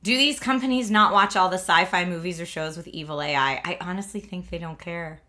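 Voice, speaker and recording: A woman's voice: fairly low pitch, brisk, sharp tone. A woman in her thirties from Pennsylvania hosting a livestream, chatting casually, laughing often and filling with "like". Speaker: livestream host.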